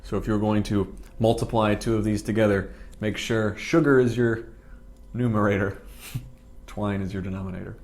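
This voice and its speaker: A man's voice: fairly low pitch, steady tone, moderate pace, a little mellow. A man reviewing cafe drinks and pastries in a casual vlog, with a dry, rambling sense of humor and plenty of asides, speaking. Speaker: food vlogger.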